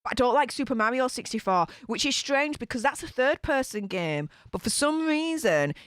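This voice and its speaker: Yorkshire woman rambling at her stream chat, smooth voice, dead dry sound. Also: fairly high pitch, no room sound. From Northern England. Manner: rambling, laughing, many fillers and restarts. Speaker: YouTube commentator reading live chat. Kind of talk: casual live-stream chat.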